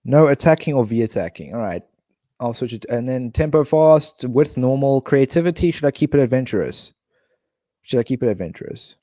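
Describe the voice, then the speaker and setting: A man from South Africa chatting casually on a live stream, thinking out loud and reading viewers' comments aloud. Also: medium pitch, expressive, brisk, no room sound, clean studio sound.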